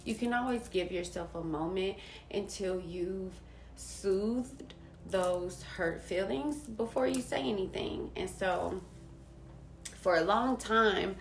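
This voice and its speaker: Telling a personal story in casual fashion, this slow-speaking woman vlogger has a creaky, medium-pitched voice. Her candid, slangy delivery swings from near whispers to laughing emphasis, recorded in an echoey, roomy space with faint hiss behind it.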